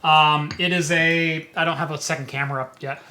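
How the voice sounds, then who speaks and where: A male host chatting on a casual live stream, his voice bright and a little high. He rambles, restarts his sentences and keeps coaxing the viewers to chip in. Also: steady tone, fairly quick. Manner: chatty, stumbling over words, asks viewers for donations.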